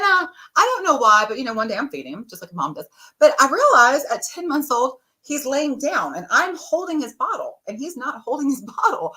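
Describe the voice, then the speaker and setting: A middle-aged woman guest on a podcast, telling stories casually and laughing often. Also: sits high. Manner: warm storyteller, laughs often. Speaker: podcast guest, tarot reader. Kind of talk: casual interview talk.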